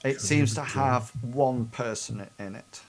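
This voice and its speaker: A man narrating as game master, describing scenes in a halting way with frequent restarts. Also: medium pitch.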